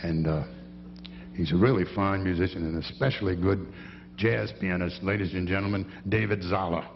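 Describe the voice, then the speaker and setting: Gravelly bandleader joking on stage. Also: male voice, deep voice, steady tone, normal speed, big-room sound, muffled recording, background noise. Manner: folksy storyteller, teasing the band members. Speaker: bandleader introducing his band. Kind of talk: on-stage joke-telling and band intros. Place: outdoor jazz festival stage. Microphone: stage microphone.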